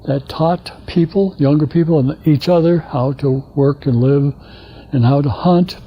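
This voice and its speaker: An older man from Alaska giving a guest lecture, telling stories in a halting, rambling way and acting out the dialogue he quotes. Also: fairly high pitch, slightly rough. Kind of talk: anecdotal storytelling lecture. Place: lecture hall. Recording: dull lo-fi lecture recording.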